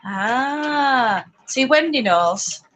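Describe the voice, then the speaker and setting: Slow-talking Yorkshire woman chatting. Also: sits high, animated, fairly bright tone, low-quality recording. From northern England. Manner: chatty and rambling, laughs often, reads out viewer comments. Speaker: spinning vlogger hosting a live chat. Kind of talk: casual live-stream chat.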